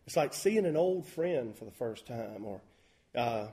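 A man preaching a sermon as a pastor, folksy and emphatic with loud bursts. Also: mid-range voice, animated, unhurried. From Southern US.

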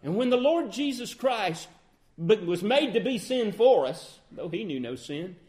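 A man preaching a sermon, asking questions and answering them, swinging between loud emphatic outbursts and quiet, low phrases. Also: very animated, measured pace.

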